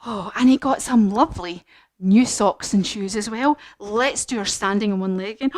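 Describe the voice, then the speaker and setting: Animated woman telling a yoga story. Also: on the high side, moderate pace, dry recording. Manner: animated, encouraging, sing-song. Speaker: kids yoga teacher. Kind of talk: storytelling yoga lesson for children.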